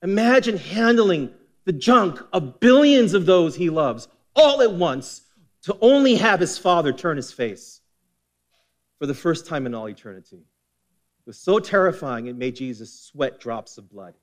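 A man preaching a sermon as pastor, impassioned, swinging between forceful emphasis and hushed intensity. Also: on the high side, very animated, a little slow.

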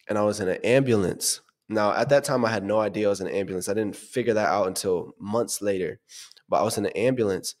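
A young man telling his personal testimony in an earnest way, often pausing and searching for words. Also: fairly low pitch, a little mellow. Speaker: testimony speaker.

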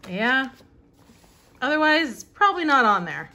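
A woman's voice: high-pitched, very animated, normal speed, sharp tone. A woman hosting her own channel, chatting casually as she flips through an old catalog, amused and laughing often. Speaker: vintage reseller and channel host.

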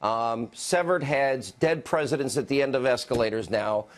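A man's voice: medium pitch, normal speed. A man hosting a TV interview, giving combative, opinionated commentary. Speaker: host.

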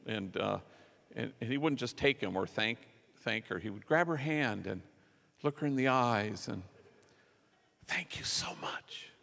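Gravelly man preaching in a reverberant church. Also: on the low side, fairly bright tone. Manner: conversational storytelling, acts out quotes. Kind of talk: sermon storytelling. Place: large church.

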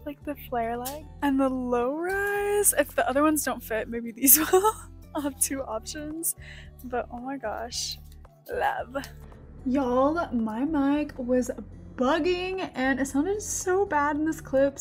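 A young woman from Texas chats in a bubbly, gushing way, exclaiming often. Her voice sits high. Music plays clearly underneath her. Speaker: thrift vlogger. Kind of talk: excited casual vlog chat and voice-over. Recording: music playing behind the voice.

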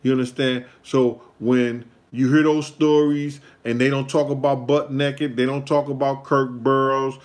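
A man's voice: mid-range voice, little pitch movement, unhurried, few pauses. A man, hosting his own show and telling a casual story in a rambling, repetitive way full of street slang.

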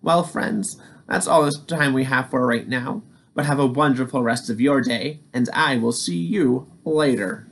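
A man reading a children's storybook aloud, gentle and encouraging toward young listeners. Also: medium pitch, unhurried, vocal fry, hardly any pauses.

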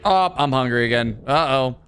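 A man streaming a video game, reacting out loud with swearing and talking to the characters on screen. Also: medium pitch, normal speed, clean tone. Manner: jumpy and excitable, swears, talks to game characters. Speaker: gaming streamer. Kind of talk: let's play commentary.

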